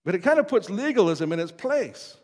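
A man's voice: sits high, very animated, brisk, a little mellow. Man preaching in a reverberant hall. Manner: conversational preaching with chuckles and quoted voices. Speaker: pastor. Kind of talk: sermon.

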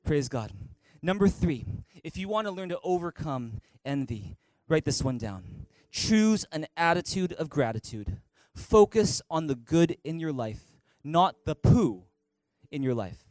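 High-voiced pastor telling a lively story. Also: male voice, dry recording. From Canada. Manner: animated storytelling with playful humor and quick repetitions. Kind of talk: sermon. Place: large church hall.

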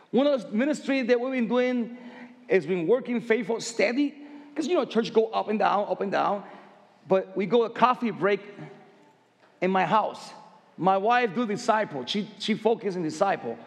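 Preacher, high voice, emphatic broken English, ringing hall reverb. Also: male voice, animated, normal speed. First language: Spanish. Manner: emphatic, broken English, swings from soft asides to loud exclamations. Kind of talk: sermon.

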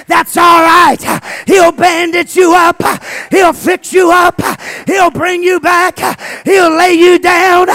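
Shouting gravelly-voiced preacher. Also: male voice, extremely high pitch, fairly even intonation, slow, hardly any pauses. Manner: impassioned, rising to shouting. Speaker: pastor. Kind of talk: sermon.

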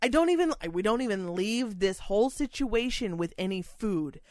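A young woman telling a story in casual chat, swearing a lot, exasperated and animated, acting out what people said. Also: medium pitch, moderate pace, dry recording, clean studio sound. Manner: swears heavily, animated and exasperated, acts out quotes.

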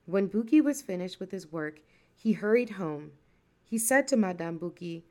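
A woman storyteller narrating a folktale. Her delivery is lively and expressive, and her voice sits at a middle pitch. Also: moderate pace.

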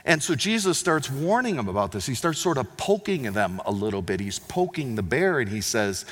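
A man preaching a sermon, swinging between loud emphatic lines and quiet, low asides. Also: big pitch swings, normal speed, hardly any pauses. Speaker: pastor. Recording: long hall reverb.

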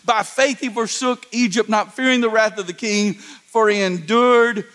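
A man's voice: sits high, fairly even intonation, normal speed, fairly bright tone. A middle-aged man preaching a sermon as pastor, emphatic, repeating phrases and calling on the congregation to answer. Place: large church hall. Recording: long hall reverb.

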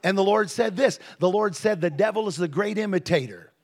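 A man preaching a sermon, moving from casual storytelling to fervent, drawn-out, shouted emphasis. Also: sits high. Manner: builds from conversational to shouted preaching.

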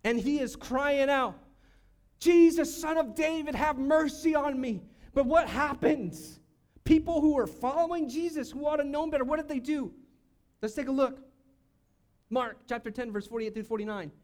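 A male pastor preaching a sermon, swinging between loud cries and hushed, quiet lines. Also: very high voice, normal speed. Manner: preaching with sudden shouts and hushed drops.

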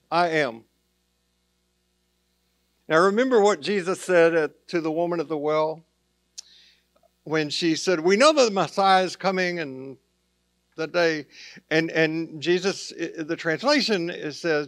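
A man whose voice runs a bit higher than typical for men preaches a relaxed, conversational sermon at a measured pace with long pauses. He turns to his listeners with plain, casual asides, and the recording is close and dry with no room echo.

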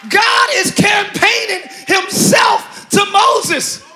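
A man preaching a sermon in an animated, slangy, joking style, with loud delivery. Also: very high voice, extremely slow, some chatter behind.

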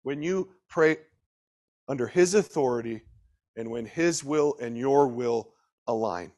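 A man preaching a sermon, swinging between loud emphatic bursts and quiet, slowed asides, and putting questions straight to his listeners. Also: mid-range voice. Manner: talks directly to the listeners with questions.

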